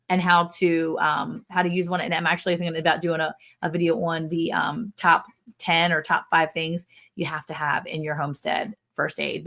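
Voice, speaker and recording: A woman's voice: sits low, vocal fry, fairly bright tone. A woman co-hosting a casual livestream from her ranch, rambling and chatty, often correcting herself mid-sentence. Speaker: livestream co-host. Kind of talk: casual live-stream chat.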